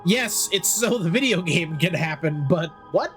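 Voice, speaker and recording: A man with a slightly high voice streams a game and reads its dialogue aloud with dramatic emphasis. He breaks off now and then with startled cries. Faint game music plays underneath. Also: lively intonation, unhurried, a bit bright. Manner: dramatic reading broken by startled exclamations. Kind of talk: let's play, reading game dialogue aloud.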